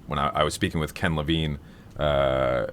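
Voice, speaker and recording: A man with a very low voice talks casually on a live stream, wandering through his thoughts with plenty of fillers and restarts. A faint hiss of noise sits under his voice. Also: steady tone, normal speed, fairly bright tone. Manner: rambling, many fillers and restarts. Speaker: streamer hosting a vocal seminar.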